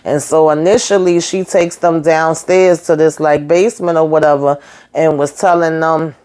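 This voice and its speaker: A woman's voice: low voice, normal speed, clean tone. Chatty woman recapping a TV episode. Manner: chatty, animated retelling with acted quotes and asides. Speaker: YouTube reviewer.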